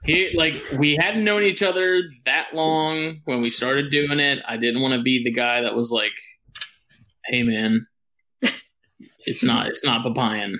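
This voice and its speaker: A man's voice: mid-range voice, steady tone, measured pace, sharp tone, rough recording. A man guest co-hosting a casual podcast, telling stories and defending himself with good humor. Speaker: guest co-host.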